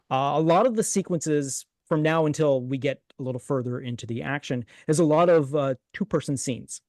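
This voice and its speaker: A man hosting a movie podcast, talking casually with many fillers and pauses. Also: medium pitch, darkish tone, dry recording. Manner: halting, many fillers, rambling. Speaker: podcast host. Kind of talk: casual chat, reading a screenplay aloud.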